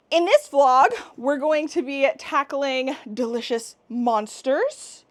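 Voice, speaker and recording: A young woman chatting casually in a book vlog, giggly and rambling, with faint music underneath. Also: sits high. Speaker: book vlogger.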